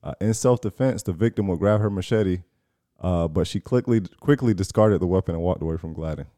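A man reads news headlines aloud to his friends in a relaxed, casual way. His voice sits low and mellow, and the sound is dry and close. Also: fairly quick, dry recording. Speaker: podcast host reading news stories. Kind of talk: casual group chat.

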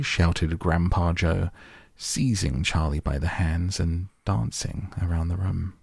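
A man narrating a children's storybook in a steady storytelling manner. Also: low voice, a little slow, vocal fry, breathy edge, dry recording, clean studio sound. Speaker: audiobook narrator.

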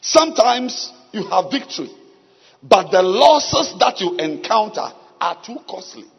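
A man preaching a sermon, with long pauses and sudden shouts. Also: high voice, very animated, gravelly, husky, faint music behind. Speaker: pastor. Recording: dull sound with long hall reverb.

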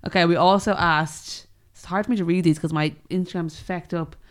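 A woman's voice: fairly low pitch, steady tone, brisk. A young woman co-hosting a podcast, chatting frankly with many fillers and restarts. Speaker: podcast co-host. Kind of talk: casual chat.

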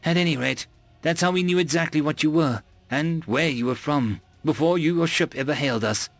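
A nervous female alien envoy from a prey species, stumbling over her words and apologising as she goes, voiced by a man reading an audiobook. The voice sits fairly high with a gravelly edge. It is recorded close and dry. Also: a little fast, no echo, soft background music, close to an everyday voice. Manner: stammering, apologetic. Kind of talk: audiobook character voice.

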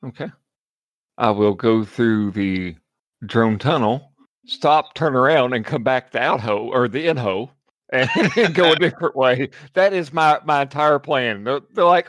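A man's voice: mid-range voice, moderate pace, fairly bright tone, no echo, clean studio sound. A man playing a tabletop game, chatting casually and joking with lots of laughs. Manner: jokey, laughing between lines. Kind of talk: casual chat.

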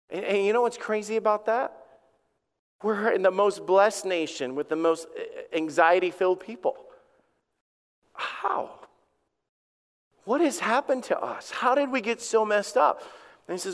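A man preaching a Sunday-style sermon with a high, clear, resonant voice. He talks to the congregation casually, stumbling over repeated words and acting out little conversations. The sound rings with long reverb from a church hall. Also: moderate pace. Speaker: lead pastor.

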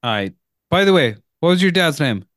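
A man's voice: on the high side, sing-song, a little fast, fairly bright tone, dry recording, studio quality. A man co-hosting a film podcast in casual, teasing chat. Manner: joking, teasing, laid-back. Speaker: podcast co-host.

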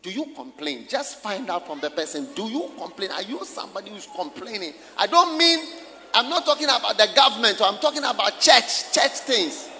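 A man preaching a sermon from Ghana, firing questions at the congregation and shouting for emphasis, recorded live in a church. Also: high voice, sing-song, fairly quick. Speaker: pastor. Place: church hall. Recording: live church recording with long hall reverb.

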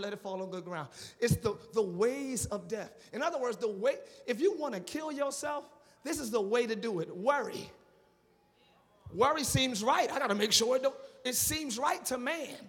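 A male pastor preaches live in a church sanctuary, animated and repetitive, calling for congregational responses and slipping into casual slang. His voice is very high, and the recording carries the long reverb of a large church.

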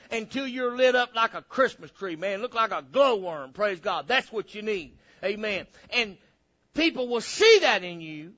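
Animated preacher man. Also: sits high, moderate pace, lo-fi sound. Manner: animated preaching, acts out little dialogues. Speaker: pastor. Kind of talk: sermon.

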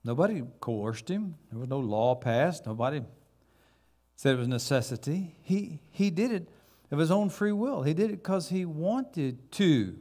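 A man's voice: on the high side, lively intonation, a little slow, mellow. A man preaching a sermon as pastor, building dramatically to emphatic repeated words.

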